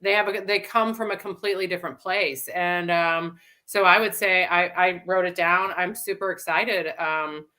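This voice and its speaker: A woman's voice: lowish voice, steady tone, moderate pace, hardly any pauses, pushed and bright. A woman chatting enthusiastically in a webinar and restarting her sentences often. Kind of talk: casual chat.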